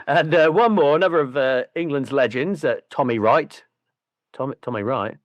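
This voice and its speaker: A man's voice: medium pitch, normal speed, no room sound, lo-fi sound. A man, co-hosting a podcast and telling stories in casual chat, swearing freely and doing voices. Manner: lively, profane storyteller doing voices. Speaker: podcast co-host.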